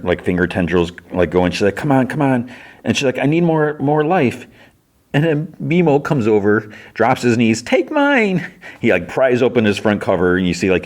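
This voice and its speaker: A man hosting a podcast, casually retelling an episode scene by scene and briefly acting out characters' lines. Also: sits low. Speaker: podcast host.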